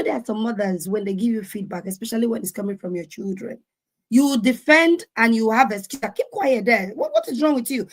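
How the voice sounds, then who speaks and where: A woman in her forties, speaking earnestly on a video call about her own parenting and acting out the lines of others. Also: mid-range voice. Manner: earnest, animated, acts out quotes. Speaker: conference speaker. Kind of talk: sharing personal parenting story.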